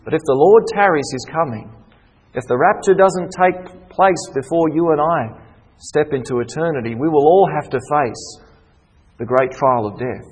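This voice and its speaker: Aussie pastor preaching, husky kinda voice, gets loud then goes real soft, big echoey hall. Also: male voice, fairly high pitch, moderate pace. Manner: rises to emphatic preaching, drops to soft, intimate tones. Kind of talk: sermon. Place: church hall. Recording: reverberant hall.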